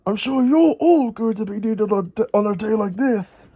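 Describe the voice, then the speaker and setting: A man reading a storybook aloud and voicing a friendly builder giving quick instructions to his team. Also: high-pitched, animated, mellow, slightly rough, heavily acted. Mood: brisk. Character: cheerful capable male builder, calm leader.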